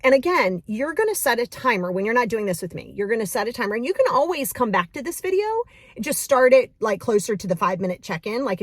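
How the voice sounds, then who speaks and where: Woman, mindfulness coach, casual and animated, mid-pitched voice, dry close sound. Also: no room sound. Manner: casual, animated, talks straight to the viewer. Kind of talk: guided mindfulness exercise.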